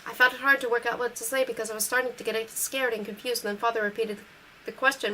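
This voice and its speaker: A woman reading a novel aloud in steady first-person narration. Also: fairly high pitch, fast talker, a little hiss or hum, rough recording. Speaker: audiobook reader.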